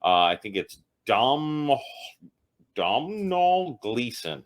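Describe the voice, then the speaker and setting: Very animated yet very slow, a medium-pitched man ranks TV episodes as host of a comedic show while tipsy. His casual monologue is rambling, loose and self-mocking.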